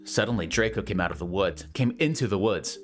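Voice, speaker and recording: A man's voice: lowish voice, animated, brisk, faint music behind. A man giving a comedic dramatic reading of a bad story, with incredulous, mocking asides. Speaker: reader.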